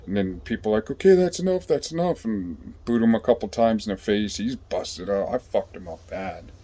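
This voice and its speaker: A man's voice: fairly low pitch, fairly even intonation, normal speed, mellow. Rambling, profane man telling a story. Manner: rambling, profane, with many fillers. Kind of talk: casual storytelling.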